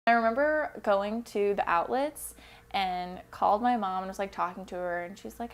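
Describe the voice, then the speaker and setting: A woman's voice: mid-range voice, normal speed, creaky. A young woman telling her story in a documentary interview, rambling and full of fillers. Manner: rambling, lots of likes and ums.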